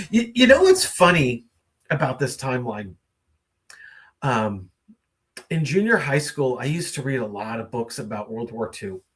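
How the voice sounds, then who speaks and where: Male stream host, casual late-night chat, meandering delivery full of ums, lively up-and-down pitch. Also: unhurried, pauses often. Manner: rambling and musing, with many fillers; reads viewer comments aloud and greets viewers.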